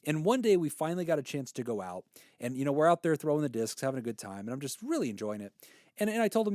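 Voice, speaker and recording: A man in his thirties, co-hosting a podcast, tells a personal story in casual chat, animatedly acting out the voices he quotes and laughing easily. He talks fast in a slightly high voice, and the studio sound is clean with no echo.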